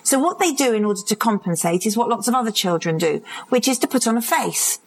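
A woman's voice: a little high, lively intonation, fast, poor audio. Woman speaker at a live conference. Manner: vivid storytelling, acts out quoted voices. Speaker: addiction expert speaking live. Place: conference hall, live audience.

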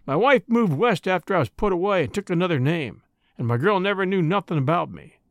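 A man reading a story voices a bitter, hopeless, middle-aged burglar fresh out of prison. The desperate ex-convict speaks hoarsely and doggedly, a little fast, with fierce outbursts and a lively, swinging pitch. The recording is close and dry.

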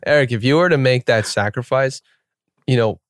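A man's voice: medium pitch, moderate pace, dry recording, studio quality. A man co-hosting a podcast, chatting casually about a film and acting out scenes as he retells them. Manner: animated storyteller, acts out scenes. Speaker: podcast co-host. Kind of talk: casual film-discussion chat.

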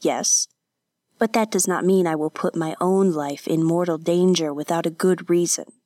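A woman voicing a calm, mercenary male ninja spy who bargains coolly, read in an audiobook. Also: fairly high pitch, normal speed, no echo, clean studio sound, lightly acted. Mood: bargaining.

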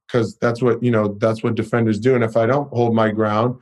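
A man's voice: medium pitch, little pitch movement, fairly quick, hardly any pauses, darkish tone. A young man guesting on a podcast, chatting loosely and profanely, with plenty of "you know" and "like". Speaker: guest, pro basketball player. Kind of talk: casual interview chat.

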